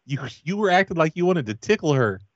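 A man's voice: fairly high pitch, very animated, fast, dry recording, dull audio, pitched above the performer's own voice. A man playing a pushy phone company agent on a prank call, blustering and stammering accusations. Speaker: prank caller.

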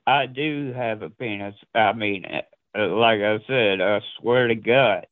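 A man's voice: fairly low pitch, slow, no room sound. A man on a phone call, hesitant and insistent, full of fillers. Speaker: caller. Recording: tinny phone line.

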